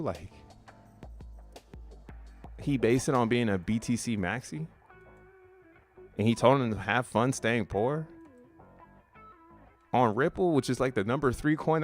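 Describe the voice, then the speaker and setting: A man's voice: mid-range voice, animated, measured pace, pauses often, soft background music. A man casually streaming, reading social media posts aloud with profane slang and frequent laughter. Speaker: crypto streamer.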